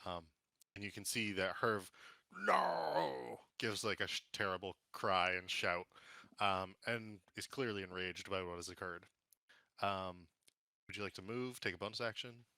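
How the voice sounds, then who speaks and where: Male DM on a voice call, bright and a bit low, dry close mic, rambling scene descriptions. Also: fairly even intonation, normal speed, no room sound. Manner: loose, chatty descriptions full of fillers. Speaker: dungeon master. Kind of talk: describing scenes and running combat. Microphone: online voice call.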